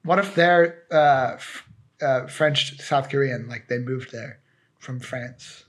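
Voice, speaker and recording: A man with a mid-range voice speaks slowly while co-hosting a podcast. The chat is casual, full of jokes, rambling and plenty of fillers.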